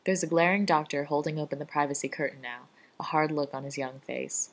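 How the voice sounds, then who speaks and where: A woman reading a fan-written story aloud in a dry, even storytelling manner. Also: low-pitched, a little fast. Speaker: fan fiction reader.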